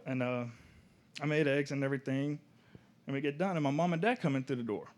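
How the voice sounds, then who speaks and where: Young man telling his story. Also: mid-range voice. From Oklahoma. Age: young adult. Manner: casual, halting, soft-spoken at moments. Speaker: student speaker. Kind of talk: personal testimony storytelling.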